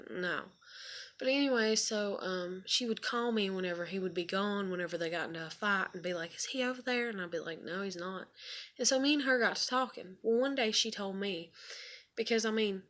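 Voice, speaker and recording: A woman's voice: medium pitch, fairly bright tone. A young woman, telling a personal story to the camera in a rambling, casual way, full of fillers and swearing. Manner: rambling, lots of fillers and asides, swears freely. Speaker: vlogger.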